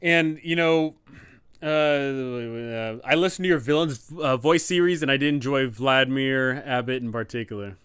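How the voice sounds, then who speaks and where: A man's voice: mid-range voice, moderate pace, fairly bright tone, clean tone, no room sound. A man, a dungeon master hosting a live Q&A stream, chatting casually and rambling. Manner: rambling, lots of fillers and restarts.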